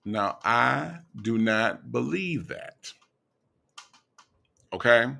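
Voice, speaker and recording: Man, gravelly voice, sarcastic reaction commentary, slow mocking delivery. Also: medium pitch, expressive, bright, forceful tone. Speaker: commentary host.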